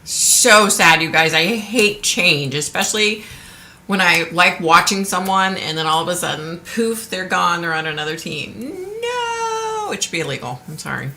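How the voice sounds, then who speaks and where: A chatty woman hosts a casual live stream from home, talking straight to her viewers. Her voice sits a little low yet sounds bright and forceful. She speaks frankly and lets the odd curse word slip. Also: sing-song, normal speed, slight background noise. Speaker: livestream host.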